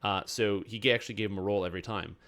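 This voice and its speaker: A man's voice: lowish voice, rapid-fire, a bit bright. A man chatting casually on his game stream, telling a rambling story full of fillers.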